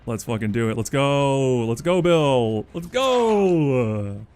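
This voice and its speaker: A male streamer gives casual commentary on his game, teasing other players in a playful way. His pitch leaps and dips all over. A faint hum of noise sits behind his voice. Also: sing-song, slow, a little mellow. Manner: playful teasing, sudden bursts of laughter.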